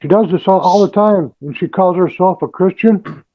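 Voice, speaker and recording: A man defending himself at a court hearing, defiant and halting, full of restarts. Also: high voice, phone-quality sound. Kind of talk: testifying in court.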